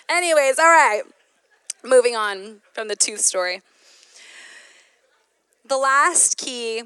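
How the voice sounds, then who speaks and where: A woman giving a sermon, mixing a personal story with scripture, animated and laughing often. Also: on the high side, slow, long pauses, smooth, no echo. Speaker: women's ministry speaker.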